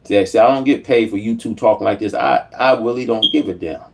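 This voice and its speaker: A man's voice: lowish voice, a little fast, creaky, darkish tone. A man giving an angry, profanity-filled political rant as a YouTube commentator, repeating himself as he goes. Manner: profane, heated, repetitive.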